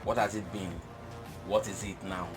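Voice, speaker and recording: A man talking about business in a casual chat, animated and emphatic, laughing often. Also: deep voice, normal speed, over music. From Nigeria. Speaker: business guest.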